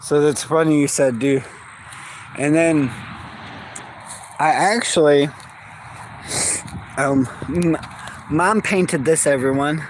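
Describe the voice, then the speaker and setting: A vlogger chats casually in his yard while filming a walk-and-talk vlog on his phone, rambling and talking to his dogs as they bark in the background. His voice is on the high side and steady in tone, and he speaks slowly with long pauses. There's a little hiss or hum in the audio.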